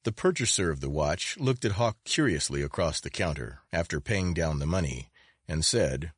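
A man with a very deep voice reads an adventure story aloud. His intonation rises and falls expressively. The sound is close and dry, with no room echo. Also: expressive, moderate pace, breathy edge. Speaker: narrator. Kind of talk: audiobook narration of an adventure story.

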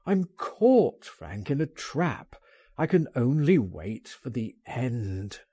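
A man reading the part of a fearful, despairing man, groaning and hushed, in an audiobook. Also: medium pitch, big pitch swings, slow pace, husky, dry recording, heavily acted. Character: fearful, despairing grown man, hesitant and trapped. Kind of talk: audiobook narration.

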